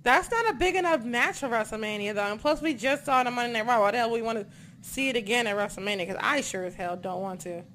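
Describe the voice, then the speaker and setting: A woman's voice: on the high side, fast talker, a bit bright, slight background noise. A young woman co-hosting a casual wrestling chat, ranting animatedly and swearing often. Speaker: wrestling podcast co-host.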